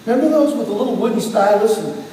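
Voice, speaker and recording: Man preaching, high voice, storytelling, quiet then emphatic, big echoey church, heard from far off. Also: expressive, fast. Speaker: pastor. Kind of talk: sermon with personal testimony. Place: church sanctuary. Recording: echoey hall from far off, faint hiss.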